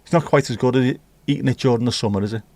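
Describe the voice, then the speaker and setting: A man's voice: mid-range voice, racing, darkish tone, no room sound. A man hosting a casual livestream, chatting cheekily with viewers and reading their messages. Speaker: livestream host reading chat. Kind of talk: casual chat. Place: home room.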